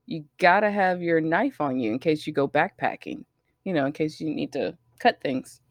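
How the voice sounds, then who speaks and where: A woman's voice: sits low, animated, normal speed, no echo. A woman in casual chat who teases and asks curious questions.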